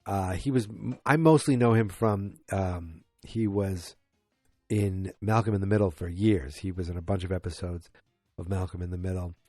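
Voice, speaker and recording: Recorded at studio quality with no echo and faint music behind him, this host has a low, mellow voice, a steady tone, and a normal pace. Tired and yawning, he rambles through an episode recap full of fillers and restarts, acting out quoted lines in a louder voice.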